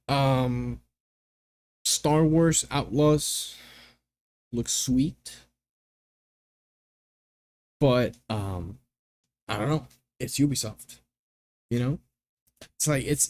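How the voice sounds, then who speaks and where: A man's voice: medium pitch, darkish tone, no room sound. A young man in casual chat as a gaming streamer, rambling through exasperated rants full of filler words.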